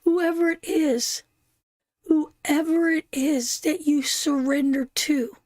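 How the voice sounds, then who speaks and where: A woman's voice: high voice, fairly even intonation, takes it slowly, a little mellow, no room sound. A tearful woman hosting a live tarot stream, chatting affectionately with viewers and calling them darling and sister. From Canada.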